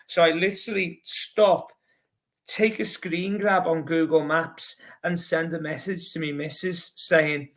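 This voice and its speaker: A man with a Scouse accent, a podcast guest telling a rambling, lively story full of fillers. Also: fairly high pitch, unhurried. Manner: lively, rambling, heavy with fillers like "you know". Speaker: podcast guest, long-distance runner. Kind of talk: casual anecdotal storytelling.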